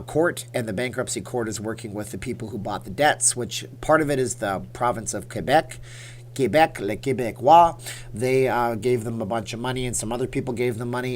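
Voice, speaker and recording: A man's voice: mid-range voice, a little hiss or hum. A man hosting a casual livestream, chatting in a rambling, opinionated way while answering viewer comments. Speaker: livestream host.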